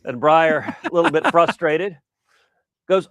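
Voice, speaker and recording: Stammering man with a higher voice. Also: moderate pace, a bit bright, no room sound. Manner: repeats opening words. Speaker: senator guest. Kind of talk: interview answers and anecdote.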